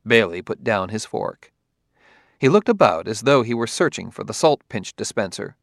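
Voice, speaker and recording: A man narrating a novel in a steady, even storytelling manner. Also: lowish voice, moderate pace, vocal fry, dry recording, clean studio sound. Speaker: audiobook narrator. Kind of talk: scripted narration.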